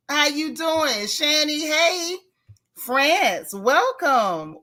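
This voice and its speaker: A woman's voice: high voice, expressive, slow pace, pushed and bright. A woman hosting a casual livestream, greeting each viewer by name with pet names like girl, sis and boo. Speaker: livestream host.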